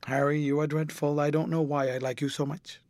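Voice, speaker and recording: A man voicing an eager, passionate young gentleman who speaks earnestly in an audiobook reading. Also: on the high side, flat delivery, brisk, no echo, close to an everyday voice.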